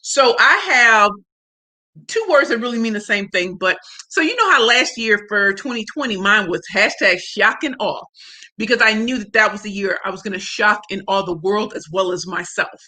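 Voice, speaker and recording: A woman's voice: mid-range voice, lively intonation, normal speed, sharp tone. A woman hosting a livestream, chatting effusively and in slang, greeting viewers by name and reading their comments aloud. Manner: slangy and emphatic. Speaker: livestream host. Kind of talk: casual livestream chat.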